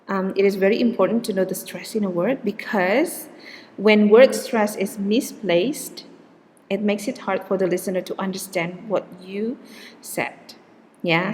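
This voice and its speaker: A woman's voice: mid-range voice, darkish tone, a little hiss or hum. A woman teaching an English pronunciation lesson, speaking patiently, checking in with "okay" and repeating words with exaggerated stress. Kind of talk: recorded pronunciation lecture. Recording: long hall reverb.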